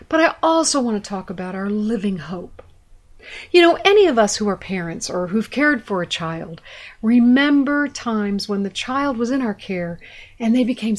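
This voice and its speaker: Middle-aged female Bible teacher, earnest storyteller, a touch higher pitched. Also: fairly bright tone.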